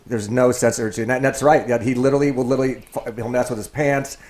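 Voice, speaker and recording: A man's voice: mid-range voice, fairly even intonation, quick pace, darkish tone. A man co-hosting a casual chat, rambling and repeating words as he explains. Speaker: podcast host.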